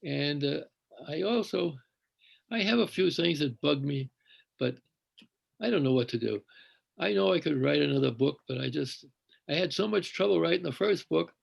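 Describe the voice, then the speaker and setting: A man's voice: a little high, animated, normal speed, gravelly, pauses often, poor audio. An older man on a video call telling a long, meandering personal story with many fillers and restarts. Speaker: congregation member sharing.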